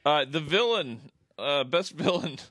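A man's voice: on the high side, lively intonation, unhurried, fairly bright tone. A man hosting a casual chat with friends, reading out nominees and laughing mid-sentence. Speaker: host reading out award nominees.

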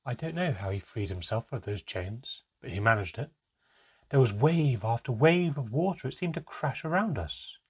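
A man voicing a solemn, reluctant elf storyteller, in a measured, halting way, in a storybook reading. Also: medium pitch, animated, a little mellow, slightly rough. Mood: grave.

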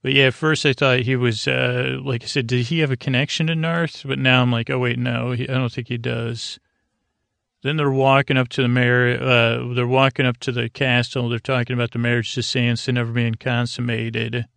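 Gravelly, flat-voiced man recapping a show. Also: medium pitch, moderate pace, dry recording. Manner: rambling, loose, self-correcting. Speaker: podcast host. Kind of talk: casual TV episode recap.

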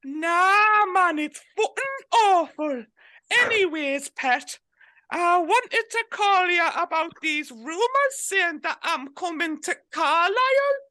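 Squeaky footballer. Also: male voice, expressive, takes it slowly, sharp tone, full character voice. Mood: pleading. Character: cheeky young male footballer with a Geordie accent.

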